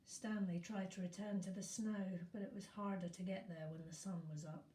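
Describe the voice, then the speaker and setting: A woman teacher reading a novel aloud in a steady storytelling manner. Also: medium pitch, normal speed. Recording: echoey room.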